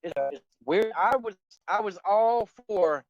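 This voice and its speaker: A man's voice: high voice, a little slow, darkish tone, no echo, faint music behind. A man in his forties chatting casually over a phone call, rambling with many fillers and restarts. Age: 40s. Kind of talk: casual chat. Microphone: phone on a voice chat app. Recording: dull lo-fi phone audio.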